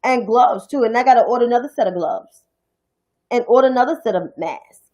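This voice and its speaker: On her own stream, a young New York City woman with a local accent unloads a heated, profane political rant, blunt as can be. Her pitch runs fairly high and her tone is a little mellow as she speaks briskly. The audio sounds muffled.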